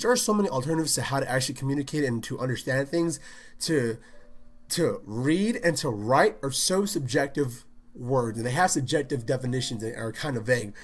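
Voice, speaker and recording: A young man hosting his own podcast, telling a story in a casual, animated rant, swearing freely and acting out what people said. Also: fairly high pitch. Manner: animated, swears a lot, acts out quotes in voices. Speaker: podcast host.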